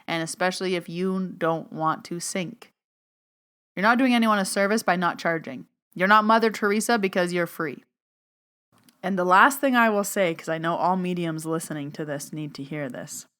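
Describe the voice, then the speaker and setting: A woman's voice: lowish voice, fairly bright tone, clean tone. A woman hosting a solo podcast as a medium, chatty and storytelling, acting out what people said. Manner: chatty storytelling, acts out quotes.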